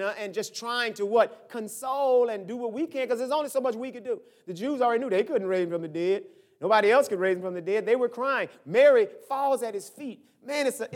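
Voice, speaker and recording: A high-pitched male pastor delivers a sermon. His preaching is conversational and drops to quiet scripture reading, then rises to loud, high-pitched exclamations. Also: lively intonation, brisk.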